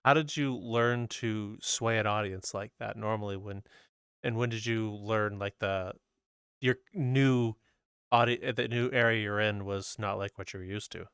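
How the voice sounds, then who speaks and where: A man's voice: fairly low pitch, steady tone, a little slow, fairly bright tone, clear, resonant tone, dry recording, studio quality. A man hosting a casual podcast interview, curious and asking long questions. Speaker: podcast host.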